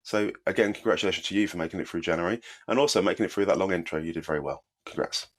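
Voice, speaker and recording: Fast-talking bunged-up British man. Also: low voice. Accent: British English. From Britain. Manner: chatty and self-deprecating. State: bunged up with a cold. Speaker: podcast co-host. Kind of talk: casual chat.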